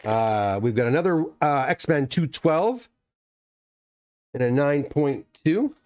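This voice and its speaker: A man's voice: on the high side, animated, slow, a little mellow. A middle-aged man from Canada hosting a casual live stream, chatting in a rambling way and reading comments aloud. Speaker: livestream host unboxing graded comics.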